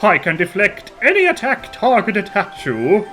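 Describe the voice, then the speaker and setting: A man's voice: high-pitched, huge pitch swings, measured pace, pushed and bright, faint music behind, voice pushed up, exaggerated voice, rough recording. A man doing a pompous bird warrior. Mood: proud. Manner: formal and bombastic.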